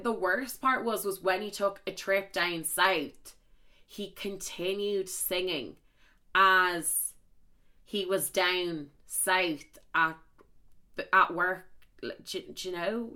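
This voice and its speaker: A woman's voice: mid-range voice, takes it slowly, bright, forceful tone. A young Irish woman telling a story in a casual chat to camera, swearing freely and filling her talk with "like". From Ireland. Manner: chatty, swears a lot, full of "like" fillers.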